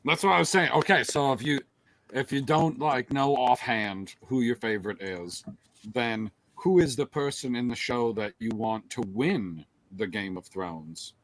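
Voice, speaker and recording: A man's voice: medium pitch, a little slow, fairly bright tone. A man co-hosting a casual chat show, teasing and joking with his co-hosts. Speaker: co-host.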